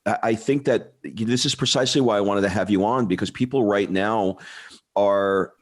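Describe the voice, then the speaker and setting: A man hosting a casual interview, telling stories with animated jumps up in pitch. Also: normal speed. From United States. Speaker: podcast host.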